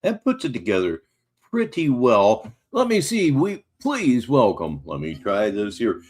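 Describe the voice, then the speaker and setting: A man's voice: on the low side, huge pitch swings, normal speed. An older man hosting a casual livestream, talking in a wry, mocking way. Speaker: livestream host.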